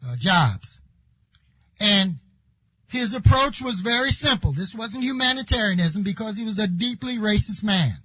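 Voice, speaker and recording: An older man giving an impassioned speech at a conference, building his points and rising to shouts when he stresses them. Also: high voice, no echo, rough recording. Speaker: conference speaker.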